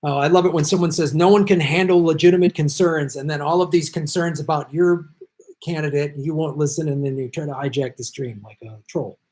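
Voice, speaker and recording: A man hosting a live political stream, talking bluntly and profanely, swinging from low mutters to loud outbursts. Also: steady tone, brisk. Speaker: host.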